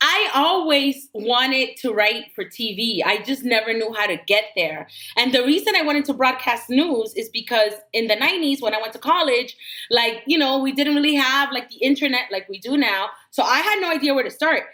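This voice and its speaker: A woman's voice: sits high, expressive, moderate pace, pushed and bright. A woman in her forties from Miami, a TV writer chatting as a podcast guest, dropping Spanish phrases into her English and laughing easily. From Miami, United States. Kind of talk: casual podcast interview.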